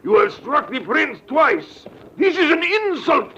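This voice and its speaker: A man's voice: very high-pitched, very animated, measured pace, pushed and bright, a little hiss or hum, heavily acted. An actor playing a hulking, hot-tempered male doorman who threatens in broken English, in 1940s radio acting. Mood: menacing. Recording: dull vintage radio recording.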